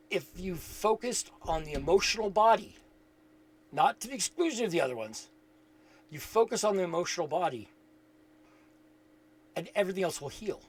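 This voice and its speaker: A man with a voice pitched a little above most men's speaks in a loose, unscripted way about inner life. He circles back on his phrases and repeats words while he thinks aloud. His tone stays earnest and reflective throughout. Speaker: spiritual teacher. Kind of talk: casual spiritual talk.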